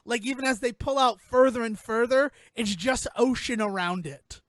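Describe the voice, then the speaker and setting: A man hosting a casual comedic film recap, animatedly retelling scenes and acting out characters in lowered voices. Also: moderate pace, fairly bright tone, dry recording. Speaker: podcast host recapping a film.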